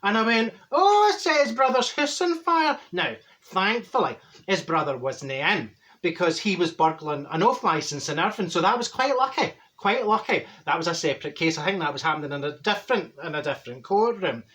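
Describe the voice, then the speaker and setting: In a comic character monologue, a man with a slightly high, sharp, animated voice plays a brash, straight-talking middle-aged Glaswegian woman. Talking a little fast and in a gossipy mood, she rambles through a funny story packed with mixed-up sayings.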